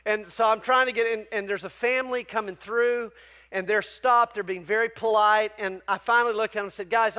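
Brief: man, pastor in the pulpit, very high voice, lively story-driven sermon. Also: clean tone. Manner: conversational, animated storytelling.

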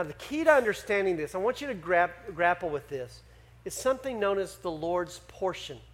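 High-voiced man preaching a lively sermon. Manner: animated, asks the congregation questions. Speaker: pastor.

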